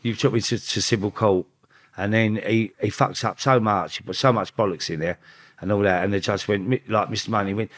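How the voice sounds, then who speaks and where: Guest, male, low-pitched, casual and profane, voices others' lines. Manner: swearing, quotes others in rapid back-and-forth; animated, rising in pitch when quoting. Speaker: podcast guest. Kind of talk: casual storytelling.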